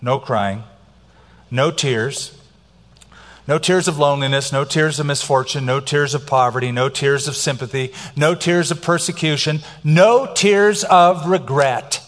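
Middle-aged male pastor, emphatic sermon delivery, slightly high voice, big reverberant hall. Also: a little slow, fairly bright tone. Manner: emphatic preaching, varies pace for effect.

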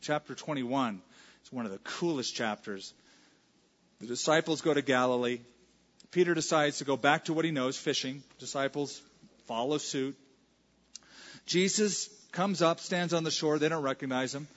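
A man's voice: on the high side, moderate pace, a bit bright. A male pastor preaching a sermon in a conversational way, now and then acting out the lines of scripture. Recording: reverberant hall, dull lo-fi sound.

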